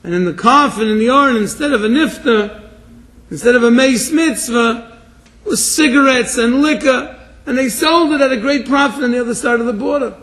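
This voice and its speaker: High-voiced man preaching a sermon. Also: moderate pace. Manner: animated preacher, swings from hushed storytelling to shouted exhortation. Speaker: rabbi. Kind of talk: sermon with storytelling.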